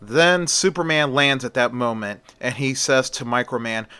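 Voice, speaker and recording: A man's voice: mid-range voice, moderate pace, few pauses, sharp tone, clean tone, no echo. Man retelling a story casually.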